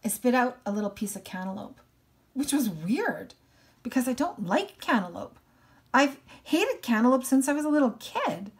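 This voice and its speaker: A woman's voice: a little high, very animated, moderate pace. A woman teacher reading a novel aloud expressively and stopping to explain passages to her class. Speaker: English teacher.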